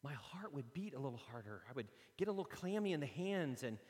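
A man preaching a sermon, telling lively personal stories and acting them out. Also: medium pitch, fast. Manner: animated storytelling, acts out his own stories. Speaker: pastor. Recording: long hall reverb.

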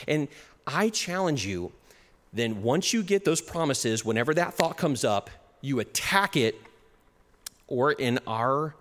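A man preaching a sermon in a church hall, with an animated delivery. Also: fairly high pitch. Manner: animated, acts out little quoted exchanges, chuckles at his own jokes. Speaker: pastor. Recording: long hall reverb.

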